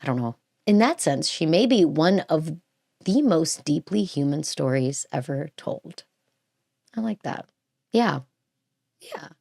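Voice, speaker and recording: A woman's voice: low voice, big pitch swings, measured pace, gravelly, long pauses, darkish tone, dry recording, studio quality. A woman hosting a podcast, reading a script aloud and breaking off into chatty, gushing asides full of fillers. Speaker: podcast host. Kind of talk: casual chat reading and reacting to a script.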